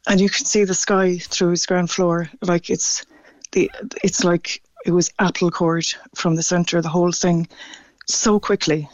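Male caller, dry and dull phone sound, flat, stammering and moved. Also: sits high, a little slow, no echo. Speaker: radio caller. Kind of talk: phone-in radio chat.

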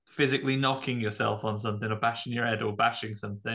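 A man's voice: lowish voice, fairly even intonation, fast talker, fairly bright tone. A man with a British accent, co-hosting a horror film podcast with wry, rambling humour. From Britain. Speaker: podcast co-host. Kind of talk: casual chat about horror films.

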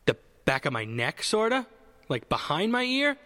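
This man's story is comedic and meandering, delivered easily in a bright, forceful voice pitched a little high. Sing-song and at a moderate pace, he fixes his own sentences partway through, loops back often and curses without hesitation, all under a long hall reverb.

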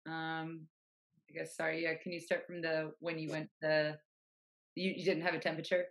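A woman's voice: low voice, little pitch movement, moderate pace, gravelly. A woman interviewing, hesitant and apologetic as she asks to pick up again. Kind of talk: interview question.

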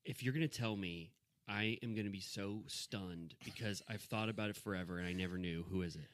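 A man's voice: sits low, brisk, slight background noise. A man co-hosting a podcast in casual chat, joking and playful as he banters back and forth. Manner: joking, animated, playful mock-legal banter. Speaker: podcast co-host.

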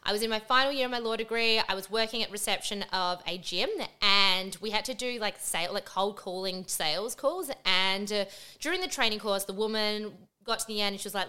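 Aussie girl in her 20s vlogging, sing-songy rising ends, says like a lot, bright clear voice. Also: mid-range voice, brisk. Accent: Australian. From Australia. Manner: rising upward inflection at phrase ends; chatty, lots of "like" fillers. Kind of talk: personal storytelling to camera.

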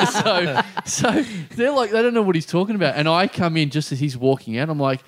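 A man spins a story on a chatty podcast, his voice sitting a little on the high side. He talks in a loose, animated way, acting out the people in the story and swearing freely. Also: normal speed. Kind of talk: casual storytelling chat.

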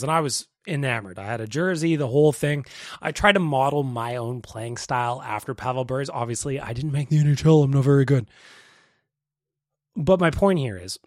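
A man hosting a casual sports podcast, animated and joking, swearing now and then. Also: mid-range voice, no echo, studio quality. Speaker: podcast host.

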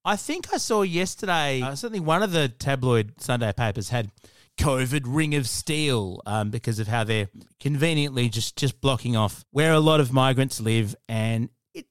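Sarcastic Australian man, lively pitch. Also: normal speed, clear, resonant tone, no room sound, studio quality. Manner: sarcastic, deadpan jabs. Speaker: podcast co-host. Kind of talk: casual chat.

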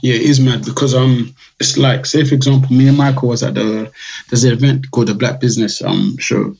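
Gravelly husky man. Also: mid-range voice, fairly even intonation, fairly quick, a little mellow, poor audio. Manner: chatty storyteller, acts out customers' voices. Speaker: guest, drinks brand founder. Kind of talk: casual podcast interview.

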